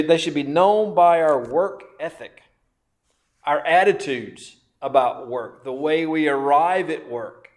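Slow, lively preaching man. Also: on the high side. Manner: slow, emphatic preaching with repeated phrases and questions. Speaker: pastor. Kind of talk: sermon.

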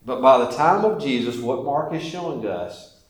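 A man preaches a sermon in an emphatic way, his voice rising and falling. His voice has a middling pitch. The sound carries the echo of a large church room. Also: animated, normal speed. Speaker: pastor. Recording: echoey church hall.

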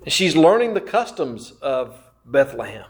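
A pastor preaches slowly and emphatically in a medium-pitched, very animated voice. He repeats phrases and poses questions to his listeners.

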